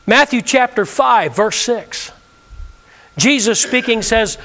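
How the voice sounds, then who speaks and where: A man's voice: sits high, animated, slow pace, sharp tone. A male pastor preaching a sermon, leading the congregation in call-and-response with emphatic delivery. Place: church sanctuary.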